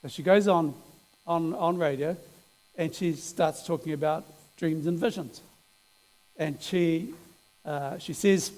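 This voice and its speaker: A man's voice: on the high side, slow, pauses often, a little mellow. A man telling a testimony in a sermon, in a chatty way with fillers and restarts. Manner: conversational, many fillers and restarts, rising in emphasis. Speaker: preacher giving a testimony. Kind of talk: sermon storytelling. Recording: echoey hall with mains hum.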